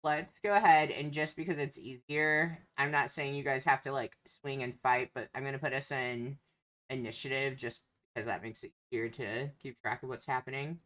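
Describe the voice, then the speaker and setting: A woman's voice: very deep voice, fairly even intonation, normal speed, a bit bright. A woman narrating as a tabletop game master, hesitant and full of ums.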